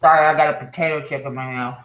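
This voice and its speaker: A man's voice: on the high side, fairly even intonation, quick pace, echoey room, dull audio, slight background noise. A man chatting loosely and jokingly on an online group call. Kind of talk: casual online group chat.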